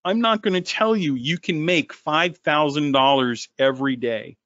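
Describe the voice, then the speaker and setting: Animated, sarcastic man on a webinar. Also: dry recording, highs cut off. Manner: animated, sarcastic, quick swings in pitch. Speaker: company founder. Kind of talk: sales webinar talk.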